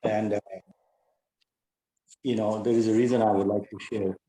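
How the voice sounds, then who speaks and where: Middle-aged man, mellow voice, halting and earnest, roomy echo. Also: lowish voice, level tone. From India. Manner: halting, full of fillers, earnest. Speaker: class participant. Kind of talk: sharing a personal story.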